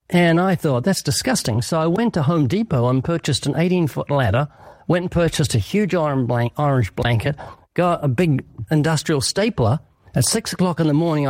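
A fast-talking man, a guest on a radio talk show, telling a story with lively energy. His voice sits a little high for a man. It is recorded dry and close, with no room sound. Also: dry recording.

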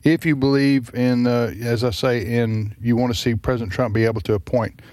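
Male radio host, casual halting delivery, dry studio. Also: medium pitch, fairly even intonation, a little mellow, dry recording. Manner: halting, many restarts and fillers. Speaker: radio talk show host. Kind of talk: casual political chat.

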